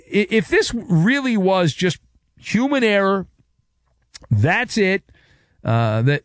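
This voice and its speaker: Sports radio host, man with a high-ish voice that swings all over, sarcastic and jokey. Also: no echo, studio quality. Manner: wisecracking, sarcastic. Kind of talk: sports talk monologue.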